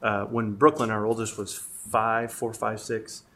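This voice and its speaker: A man's voice: lowish voice, little pitch movement, a little slow, fairly bright tone, a little hiss or hum. A middle-aged man telling casual, self-deprecating stories about marriage and parenting, laughing often. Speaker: guest speaker. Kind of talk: casual storytelling about family life.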